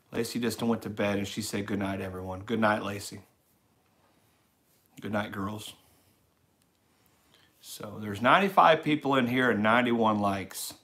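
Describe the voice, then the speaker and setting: Livestream host, male, middle-aged, lowish voice, rambling and easygoing as he reads chat aloud. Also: a bit bright. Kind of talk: casual live-stream chat reading comments.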